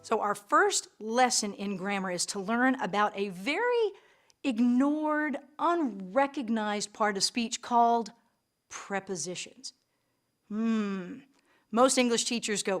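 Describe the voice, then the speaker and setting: Brief: middle-aged woman, lively English teacher with a slightly high voice, playful and dramatic. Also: takes it slowly. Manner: enthusiastic, theatrical, with playful asides. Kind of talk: recorded classroom lesson.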